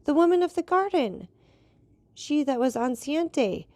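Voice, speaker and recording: A man's voice: high voice, very animated, normal speed, warm tone, dry recording, pitched above the performer's own voice. A woman voicing a frightened male steward who blurts out agitated exclamations. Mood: terrified. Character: frightened middle-aged male steward, haunted servant.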